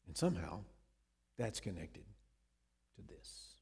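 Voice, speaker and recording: A man preaching a sermon, retelling scenes dramatically with sudden swings between loud and hushed delivery. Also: sits low, sing-song, takes it slowly, vocal fry, breathy edge, long reverb tail. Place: church.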